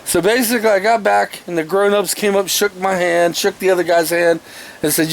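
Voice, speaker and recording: A man with a raspy, fry-laden voice pitched a little high tells an old story in a loose, folksy way, often stopping to correct himself. He is filming himself outdoors in the shade, and a faint background noise sits under his voice. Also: steady tone, fairly quick. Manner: rambling, folksy, self-correcting. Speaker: vlogger. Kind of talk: casual storytelling. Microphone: camera he is handling himself.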